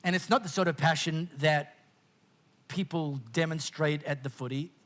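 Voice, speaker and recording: A middle-aged Australian man preaching a sermon as pastor, conversational and jokey, with frequent quick restarts. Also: on the high side, fairly bright tone.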